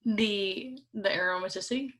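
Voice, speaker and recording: A woman's voice: mid-range voice, moderate pace, fairly bright tone, low-quality recording. A young woman student answering a tutor's questions, hesitant and thinking aloud with many fillers.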